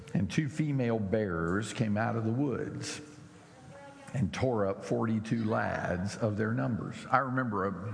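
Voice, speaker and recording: A man preaching a sermon in an animated way, his voice climbing high when he mocks. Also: vocal fry. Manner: animated, mocking voices rising high and loud. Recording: echoey hall with faint noise.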